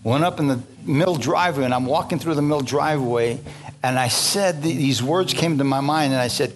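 A man's voice: medium pitch, normal speed, over music. An older man preaching a fervent, folksy sermon in a church, calling the congregation for amens and hallelujahs.

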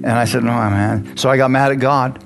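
A man's voice: mid-range voice, normal speed, creaky. A man preaching a sermon in a church, telling his own story and calling out questions to the congregation. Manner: animated, calls out to the congregation. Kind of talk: sermon with personal testimony. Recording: guitar music playing behind the voice. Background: guitar music.

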